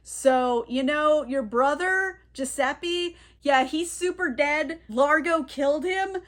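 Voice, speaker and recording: A woman's voice: high voice, takes it slowly. A woman giving a breezy voice to a cocky male spy. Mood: joking. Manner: casual, jokey paraphrase. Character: male secret agent, cocky and blunt.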